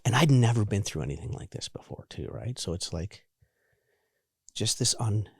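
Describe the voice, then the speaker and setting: Male, 40s, lowish voice, halting candid storyteller, dry sound. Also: big pitch swings, slightly rough, no room sound. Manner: halting, repeats words and restarts. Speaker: guest sharing recovery story.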